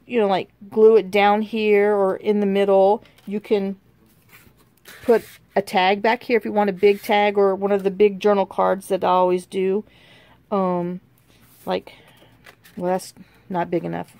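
A woman hosting a casual crafting tutorial. She thinks aloud in a rambling, chatty way and often drops into quiet muttering to herself as she works. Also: mid-range voice, dry recording. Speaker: crafting channel host.

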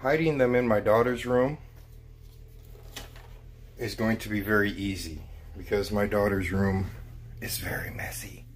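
Wry, chatty middle-aged dad vlogging. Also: male voice, lowish voice, steady tone, unhurried, long pauses, a little hiss or hum. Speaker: family vlogger. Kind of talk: casual home vlog. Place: indoors at home.

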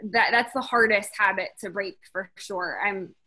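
A woman's voice: medium pitch, moderate pace, sharp tone. A woman co-presenting in a casual webinar Q&A, answering with lots of fillers and hedges. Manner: casual, hedging, many fillers. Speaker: co-presenter on child habit therapy.

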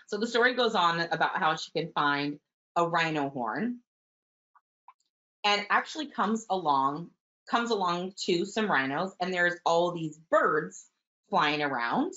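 List: woman, early childhood teacher, low voice, gentle, enthusiastic, muffled webinar audio. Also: animated, unhurried. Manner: warm, gentle, enthusiastic teacher, with soft fillers. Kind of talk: webinar talk with book read-alouds.

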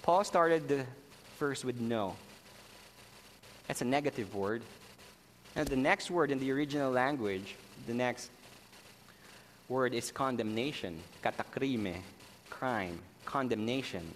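A man preaching a sermon as pastor, slow and emphatic, stressing key words. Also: mid-range voice, a little hiss or hum. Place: church sanctuary. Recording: church hall reverb, faint ambience.

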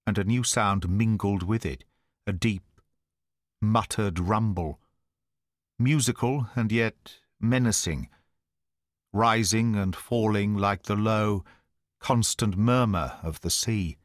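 Man, audiobook narrator, low voice, measured dramatic reading, dry close sound. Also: no echo.

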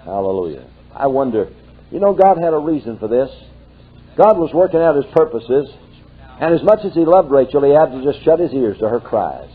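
A man's voice: mid-range voice, sing-song, moderate pace, breathy edge. Older male preacher on a tinny old tape. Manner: folksy storytelling, building to fervent exclamations. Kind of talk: sermon.

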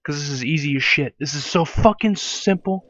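A man's voice: a little high, normal speed, fairly bright tone, dry recording, highs cut off. A young adult man giving frustrated gameplay commentary from his room at home, cursing and muttering in exasperation at the game. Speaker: let's play commentator.

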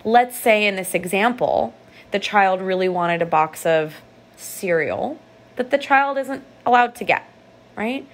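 A woman art therapist giving a calm, reflective motivational podcast talk, guiding listeners through a visualization. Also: mid-range voice, unhurried.

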